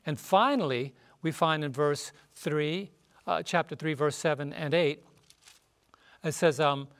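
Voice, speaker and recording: Male panelist, bit high voice, preachy emphasis on quoted verses. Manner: emphatic, rises sharply when quoting scripture. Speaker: Bible study panelist. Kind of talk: Bible study panel teaching.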